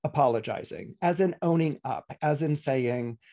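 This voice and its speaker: A man's voice: fairly high pitch, normal speed, warm tone. A middle-aged man, an astrologer, talking casually on a podcast with many restarts and playful asides. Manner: chatty, many restarts and acted-out quotes.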